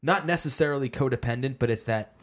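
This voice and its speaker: A man's voice: mid-range voice, fast talker. Rambling male podcast co-host. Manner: rambling, searching for words, joking. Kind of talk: casual chat.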